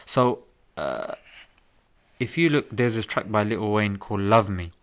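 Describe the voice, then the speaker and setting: A man hosting a casual discussion who talks in an animated, emphatic way and often says "bro". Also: fairly low pitch, unhurried.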